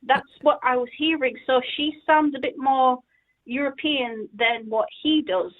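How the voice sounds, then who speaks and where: A woman calling in to a radio show, chatting eagerly and thinking out loud. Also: high-pitched, unhurried. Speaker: caller. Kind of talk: casual chat on a call-in show. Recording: tinny phone line.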